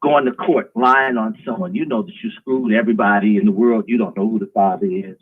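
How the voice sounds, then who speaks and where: A man's voice: on the low side, fairly even intonation, a little fast, slightly rough. A man hosting a live stream, delivering an emphatic, preachy, provocative monologue. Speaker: host. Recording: tinny phone-like line.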